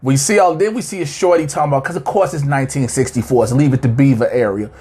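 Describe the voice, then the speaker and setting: A man co-hosting a casual TV review, recapping an episode with animated banter and squeaky voices for the characters. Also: fast, husky. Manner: animated, acts out characters in high squeaky voices, laughing often. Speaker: co-host of a TV review show.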